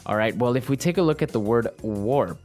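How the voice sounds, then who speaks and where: A man co-hosting an English lesson, explaining words clearly and slowly like a teacher. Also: medium pitch, a little mellow, soft background music. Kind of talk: language lesson chat.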